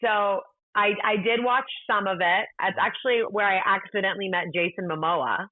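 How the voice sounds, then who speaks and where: A woman guest on a podcast, telling stories in a blunt, animated way. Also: mid-range voice, moderate pace. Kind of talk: casual storytelling chat. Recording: tinny phone-like line.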